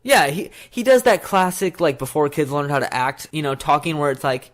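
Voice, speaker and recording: A man's voice: a little high, normal speed. A young man co-hosting a podcast, retelling film scenes in a casual chat and acting out the lines. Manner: animated retelling with acted-out quotes. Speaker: podcast co-host.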